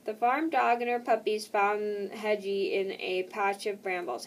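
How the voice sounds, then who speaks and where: A woman reading a children's picture book aloud, slow and careful, stopping now and then for casual asides. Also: medium pitch, steady tone, recorded from a distance, rough recording.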